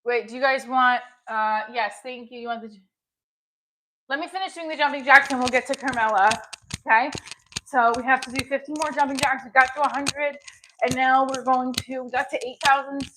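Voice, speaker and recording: A woman's voice: high-pitched, fairly even intonation, a little fast, noisy background. A woman, a comedian and actress, chatting on a live stream, thanking viewers and rambling about her shows.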